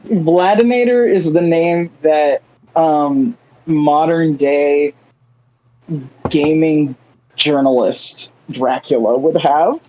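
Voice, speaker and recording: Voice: mid-range voice, takes it slowly, mellow, highs cut off, a little hiss or hum. A streamer in casual chat on a game stream who riffs on absurd jokes. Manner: joking, riffs on absurd bits.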